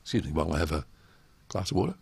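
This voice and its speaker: A man's voice: extremely low pitch, lively intonation, very fast, creaky, darkish tone, a little hiss or hum. A middle-aged man giving a webinar lecture on public speaking, emphatic and full of rhetorical questions.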